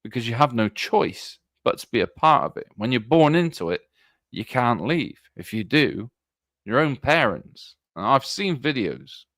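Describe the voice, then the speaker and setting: A man giving an earnest livestream monologue, halting and restarting as he talks. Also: medium pitch, big pitch swings, a bit bright, dry recording, studio quality. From Britain. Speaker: political streamer.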